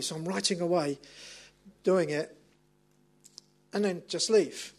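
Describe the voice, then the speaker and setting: High-voiced preacher telling stories. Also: male voice, takes it slowly. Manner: animated, self-mocking storyteller. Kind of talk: storytelling sermon.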